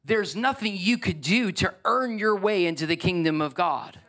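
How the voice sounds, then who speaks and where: A man preaching from the pulpit with a notably high-pitched voice. His delivery is earnest and emphatic, with frequent restarts as he presses his points, speaking into a microphone before a church congregation. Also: expressive, moderate pace, a bit bright. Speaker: pastor. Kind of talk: sermon. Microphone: handheld or stage microphone.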